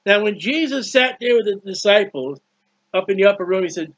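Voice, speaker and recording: A man's voice: high voice, expressive, fast, fairly bright tone, no room sound. A man preaching a fervent sermon, with many restarts and repeated words. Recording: dull lo-fi recording.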